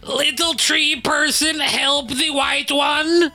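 A man voicing a bossy male adventurer who barks slow, drawn-out orders in a tabletop game. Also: very high-pitched, steady tone, faint music behind, pitched above the performer's own voice, exaggerated voice. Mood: commanding. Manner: loud, drawn-out commands.

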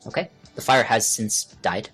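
Male game master, very low voice, descriptive narration with fillers. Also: expressive, moderate pace, fairly bright tone, slightly rough, faint music behind.

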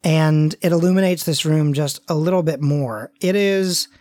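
A game master narrating a tabletop role-play, halting and full of fillers. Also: mid-range voice, darkish tone, no room sound, clean studio sound. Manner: halting, many fillers and restarts.

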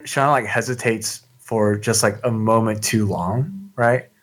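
A man's voice: fairly low pitch, fairly even intonation, a little slow. A man playing a tabletop game who talks hesitantly, with many fillers. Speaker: player. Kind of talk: casual game talk.

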